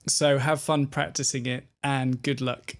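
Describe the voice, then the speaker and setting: A British man gives a pronunciation lesson, shaping each sound slowly and deliberately. His voice is gravelly and low-key, and he takes his time. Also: level tone. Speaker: pronunciation teacher.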